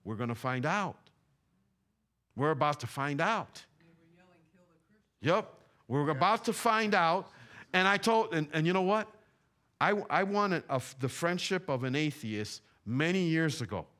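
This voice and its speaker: A man's voice: on the high side, lively intonation, normal speed, fairly bright tone. A middle-aged man from Puerto Rico, preaching a fervent sermon in a church, repeating his points with emphasis. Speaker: pastor. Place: church sanctuary.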